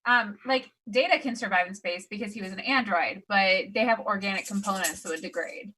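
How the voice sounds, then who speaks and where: A woman in a casual group chat, an enthusiastic fan making quick comments. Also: medium pitch, bright, forceful tone, slight background noise, poor audio.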